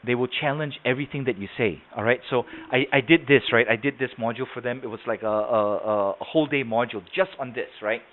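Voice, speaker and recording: Talking quickly with few pauses, a man with a mid-range voice leads a live sales training webinar by video call. The sound is tinny like a phone, and his conversational style includes asking the class questions and repeating himself.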